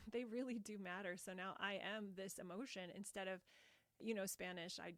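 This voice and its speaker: Woman, animated podcast guest, talks with emphasis, dry studio sound. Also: mid-range voice, normal speed, dry recording. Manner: expressive, emphatic, laughs easily. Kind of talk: podcast conversation on parenting.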